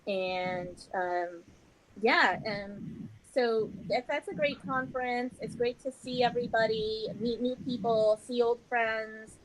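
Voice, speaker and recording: A woman's voice: on the high side, steady tone, slow pace, slight background noise, rough recording. A woman as a podcast guest, chatting in a rambling, self-deprecating way. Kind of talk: casual chat.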